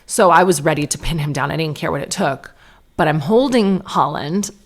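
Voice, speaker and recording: A woman in her thirties hosts her own podcast and tells family stories in a loose, chatty monologue. Her voice sits low with a gravelly fry. She leans on "like" constantly and slips into little acted-out quotes of what people said. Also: expressive, moderate pace. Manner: chatty, lots of "like", acts out quotes. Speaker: podcast host. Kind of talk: casual solo storytelling.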